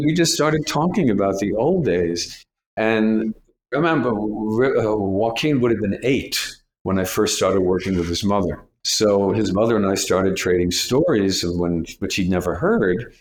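Older man, very low voice, telling stories. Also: darkish tone. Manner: anecdotal, acts out quoted voices. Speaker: retired casting director, guest. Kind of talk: storytelling interview.

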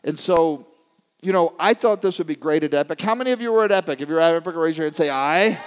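A fairly high-voiced man gives a rousing keynote from a stage, jumping from quiet, confiding lines to shouted bursts. He keeps firing questions at the crowd and pushing for answers. The sound rings with the long reverb of a big hall. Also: lively intonation, quick pace, smooth. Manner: dynamic, swings from hushed to shouting; rallies the crowd with call-and-response questions. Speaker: motivational speaker. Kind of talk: live keynote to an audience.

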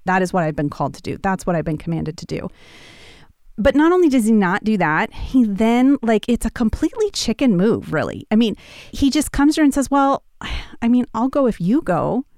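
A woman teaching a Bible passage in a casual, conversational way, telling the story with animated quoted lines. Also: mid-range voice, a little fast, no echo, clean studio sound.

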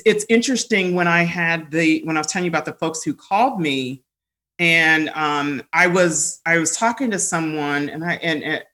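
A woman guest telling personal stories in candid conversation, animated, laughing often, with many fillers and restarts. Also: sits low.

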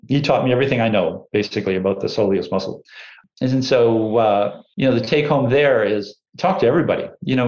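An older man, an engineer and inventor, telling relaxed, rambling anecdotes in an interview, full of "you know" fillers. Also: medium pitch. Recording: dull echoey room recording.

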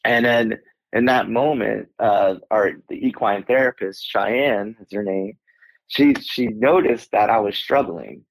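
A middle-aged man, an Air Force veteran, telling a personal story as a guest in a casual interview, animated and acting out his own lines. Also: lowish voice, unhurried, gravelly, no echo, rough recording. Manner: animated, acts out his own lines, laughs through emotion.

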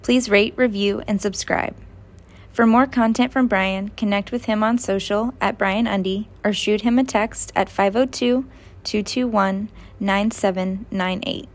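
A woman reading a scripted podcast outro in a smooth, even promotional delivery. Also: medium pitch, measured pace. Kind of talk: scripted read.

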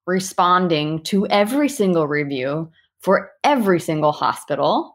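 A woman answering interview questions, telling animated stories with quick asides and restarts. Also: fairly low pitch. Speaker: guest who handles reviews for partner animal hospitals.

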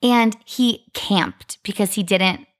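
A woman's voice: medium pitch, takes it slowly. Chatty woman in her thirties. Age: 30s. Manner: chatty, lots of "like" fillers. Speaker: podcast co-host. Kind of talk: casual storytelling chat.

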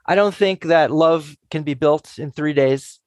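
A man's voice: a little high, a little slow, no echo. A man co-hosting a podcast, chatting casually in a wry, joking manner. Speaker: podcast co-host.

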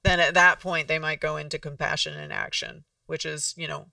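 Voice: mid-range voice, level tone, a little fast, vocal fry, pushed and bright, no echo, clean studio sound, recorded from a distance. A podcast host explaining in a casual, conversational way, often restarting sentences and acting out example dialogues.

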